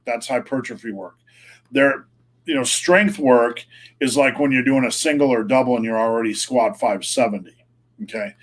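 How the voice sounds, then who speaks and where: A middle-aged man, a fitness coach, answering viewer questions on a live stream in a blunt, plain-spoken way. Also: mid-range voice.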